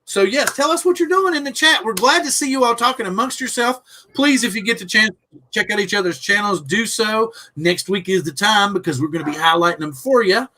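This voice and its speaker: A man's voice: sits high, fairly quick, bright, forceful tone. A man hosting a casual livestream chat, rambling earnestly and often restarting his sentences. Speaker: host.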